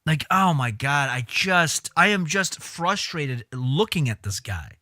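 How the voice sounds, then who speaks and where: A man's voice: a little high, very animated, a little slow, sharp tone, no echo, clean studio sound. A man streaming live, riffing on clips in casual, profane, exasperated commentary.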